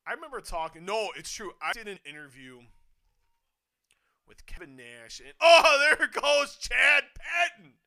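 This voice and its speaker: A man giving excited live wrestling commentary, swinging from hushed muttering to sudden shouts, swearing and laughing often. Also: very high voice, unhurried, gravelly. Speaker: co-host of a wrestling watch-along.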